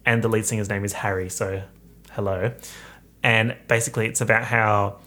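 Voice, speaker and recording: A young man hosting his own podcast, talking casually in a chatty, campy, animated way. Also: fairly low pitch, normal speed. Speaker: podcast host. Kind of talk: casual solo podcast chat.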